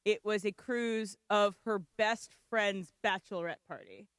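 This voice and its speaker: A woman on a radio talk panel with a mid-pitched, steady voice. She lays out scenarios and puts questions to the others. The mic sound is dry and close. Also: a little slow, smooth, no echo. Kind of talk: casual studio banter. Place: radio studio.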